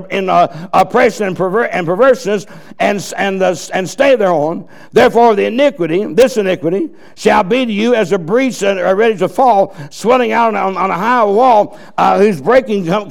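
A man's voice: sits high, brisk, vocal fry. A man preaching a fiery, folksy sermon with bursts of emphasis.

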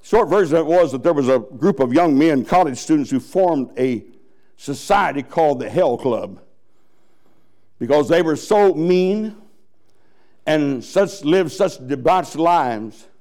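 A man preaching a dramatic sermon as pastor, swinging from loud high bursts to hushed drops. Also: animated, unhurried. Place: church.

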